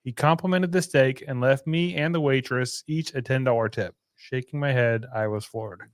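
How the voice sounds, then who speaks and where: A man's voice: medium pitch, normal speed, dry recording, studio quality. A man from Texas co-hosting a casual podcast, laid-back and teasing. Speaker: podcast co-host. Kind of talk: casual chat, reading a listener story.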